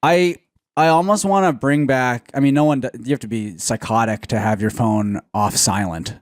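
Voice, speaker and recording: A man's voice: medium pitch, moderate pace, dry recording, studio quality. A young man co-hosting a podcast in casual chat, rambling and self-mocking, swearing freely. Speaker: podcast co-host.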